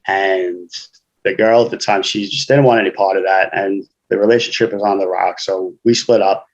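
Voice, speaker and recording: A man's voice: sits low, fairly even intonation, normal speed, muffled recording. A man, a guest author telling his life story frankly in casual conversation, often saying "you know".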